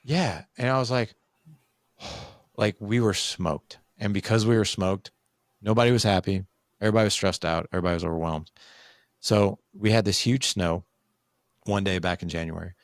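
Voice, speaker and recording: Gravelly low-voiced man telling a story. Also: fairly quick, no echo, studio quality. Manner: candid, animated, acts out quoted dialogue. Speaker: podcast guest. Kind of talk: casual storytelling in conversation.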